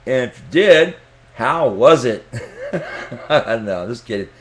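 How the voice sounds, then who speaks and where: A man's voice: medium pitch, lively intonation, normal speed. Rambling, joking man. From Texas, US. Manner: joking, crude, chuckling to himself. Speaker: vlogger. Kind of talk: casual rambling monologue.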